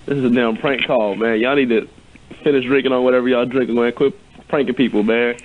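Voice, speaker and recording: A man's voice: mid-range voice, steady tone, brisk, a little hiss or hum. A man taking a prank call, irritated and dismissive. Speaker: call recipient. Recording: phone line.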